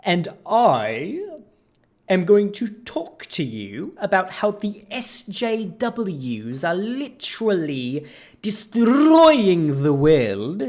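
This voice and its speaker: A man putting on a pompous, sneering YouTuber with a mock Swedish lilt over a fake British accent. The words are stretched out slow and loud, pitched a bit above his normal voice. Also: full character voice. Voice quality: drawn-out, sneering delivery. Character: mocking impression of a male YouTuber, pompous.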